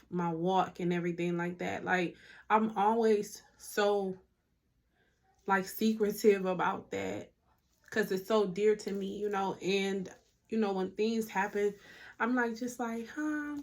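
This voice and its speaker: A young woman sharing a heartfelt faith testimony to her phone camera at home, chatty, speaking to viewers as y'all and sometimes near tears. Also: medium pitch. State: emotional, near tears at times. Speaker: vlogger.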